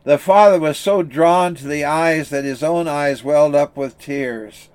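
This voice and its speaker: A man preaching a sermon, telling an illustration story in an earnest, steady way. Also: fairly high pitch, unhurried, clean tone. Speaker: pastor.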